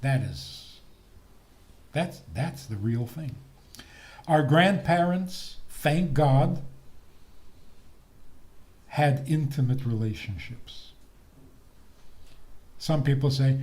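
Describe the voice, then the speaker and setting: Slow, animated older rabbi lecturing. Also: male voice, mid-range voice. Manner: lively, teasing, slow deliberate delivery with laughs. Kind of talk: recorded talk on faith and marriage.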